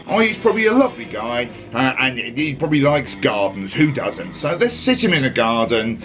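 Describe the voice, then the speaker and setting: A man's voice: medium pitch, sing-song, moderate pace, hardly any pauses, fairly bright tone, faint music behind. A man hosting a casual football chat, sarcastic and exasperated, rambling with restarts. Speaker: podcast host.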